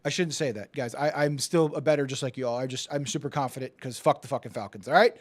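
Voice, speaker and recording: A man co-hosting a casual sports betting chat, excitable and profane, often stammering and restarting, swinging from yelling to muttering. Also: mid-range voice, fast. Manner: die-hard team fan, swings from yelling to muttering. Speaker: podcast co-host.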